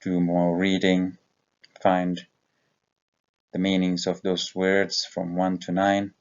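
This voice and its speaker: A man teaching an English vocabulary lesson, patient and slow, with many fillers and self-corrections. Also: deep voice, completely flat delivery. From Ethiopia. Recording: dull lo-fi recording.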